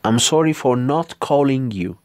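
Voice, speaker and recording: Man, Ethiopian accent, native Amharic speaker, English lesson, slow careful repetition, dry close sound. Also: medium pitch, lively intonation, darkish tone, no room sound. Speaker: English teacher. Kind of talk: language lesson.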